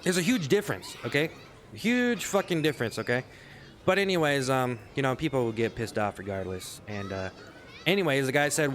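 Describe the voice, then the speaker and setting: A man's voice: mid-range voice, animated, brisk, a bit bright, slight background noise. A man ranting in a sarcastic, rambling comedic monologue, swearing often, in a casual vlog. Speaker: vlogger.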